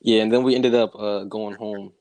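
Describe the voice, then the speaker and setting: A young man co-hosting a podcast, telling stories in a relaxed, teasing way with frequent laughs. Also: lowish voice, moderate pace, a little hiss or hum, poor audio. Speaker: podcast co-host. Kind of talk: casual chat.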